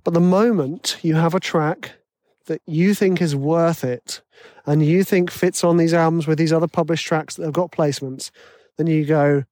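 A man with a fairly high, darkish voice and fairly even intonation gives casual advice about writing music at normal speed in a solo monologue. Chatty and self-deprecating, he acts out worried inner voices; studio-quality sound with no room noise.

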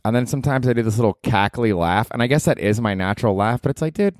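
A man's voice: medium pitch, fast, darkish tone, no room sound, clean studio sound. A comedian in his forties hosting a casual solo podcast from his apartment, rambling, swearing freely and poking fun at himself. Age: 40s. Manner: rambling, profane, self-deprecating.

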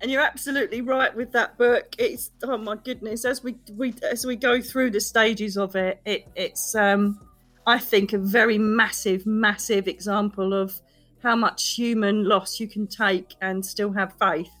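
A woman's voice: medium pitch, fairly even intonation, measured pace, fairly bright tone. A woman with an Essex accent, a guest on a chat podcast, effusive and laughing often as she talks. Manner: effusive, laughs often, calls people darling. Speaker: podcast guest, psychic medium. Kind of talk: casual chat.

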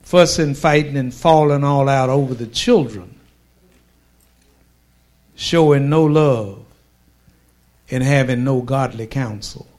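A man preaching a sermon with a slow, drawn-out cadence, pausing for emphasis and delivering forceful declarations. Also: mid-range voice.

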